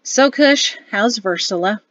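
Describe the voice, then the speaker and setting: A sheepish, grumbling husband who mutters his complaints low, as a woman narrator reads him. His lines come close to the reader's own tone, often dropping to a quiet aside. Muffled, dry audio. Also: moderate pace, no echo, natural voice. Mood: strained. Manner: muttering under his breath. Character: embarrassed, grumbling husband and officer.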